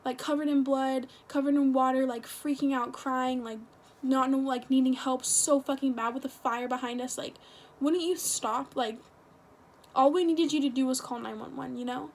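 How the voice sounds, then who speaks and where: A woman's voice: sits high, steady tone, normal speed, a little mellow. A teenage woman telling a personal story in a rambling, casual way, full of fillers and swearing. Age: teens. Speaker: vlogger.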